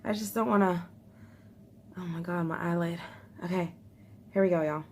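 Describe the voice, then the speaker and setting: A young woman talks casually to her viewers from home, her voice sitting a little low. She is chatty and nervous, laughing often as she goes. A faint hiss runs under the recording. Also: fairly even intonation, moderate pace. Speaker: vlogger. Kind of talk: casual beauty vlog chat.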